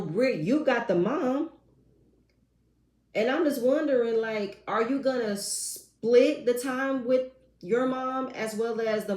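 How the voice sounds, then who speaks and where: Woman, reality TV recap vlogger, sassy and expressive, casual slang, mid-pitched voice, echoey room.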